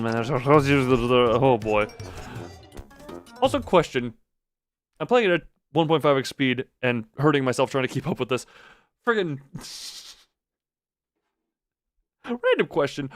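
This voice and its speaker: A man's voice: medium pitch, a little slow, pauses often, faint music behind. A man streaming a game, reading the story aloud and reacting with frequent laughs and jokes. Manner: animated, laughs often, jokes about the story.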